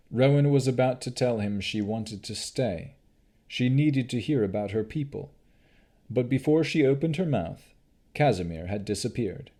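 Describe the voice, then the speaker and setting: A man narrating an audiobook of a fantasy novel in a measured, deliberate reading. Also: on the low side, warm tone.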